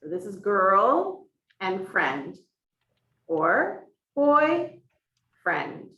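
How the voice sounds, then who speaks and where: A woman's voice: medium pitch, very animated, drawn-out words, bright, forceful tone, muffled recording. A woman interpreting for a teacher, voicing a sign language lesson in the first person and explaining each point step by step. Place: classroom for a hybrid in-person and online class. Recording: echoey room from far off.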